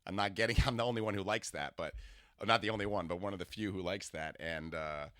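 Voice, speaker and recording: Bright, rambling comedian telling a story. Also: male voice, low-pitched, quick pace, dry recording, studio quality. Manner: rambling, self-interrupting storytelling. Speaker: comedian podcast host. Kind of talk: comedic solo monologue.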